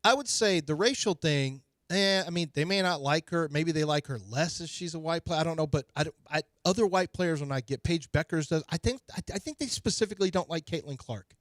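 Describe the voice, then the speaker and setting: A man hosting a sports radio show in casual banter, opinionated and quick to mock with high voices. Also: a bit bright, no echo, clean studio sound. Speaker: radio sports talk host. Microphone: studio microphone.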